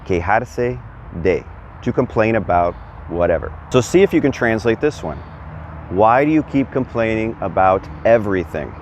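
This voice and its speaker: A man's voice: fairly low pitch, animated, normal speed, slight background noise. A man giving a casual, chatty video lesson as a Spanish teacher, quizzing the viewer and encouraging them. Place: outdoors. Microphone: camera on a stand.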